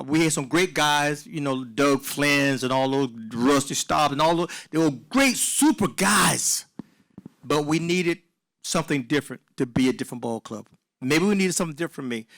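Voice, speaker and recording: A man in his sixties from South Carolina, a former ballplayer answering questions at a live Q&A in a relaxed, rambling, self-mocking way. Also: medium pitch. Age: 60s. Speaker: former baseball player, guest. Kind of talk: casual storytelling in a Q&A.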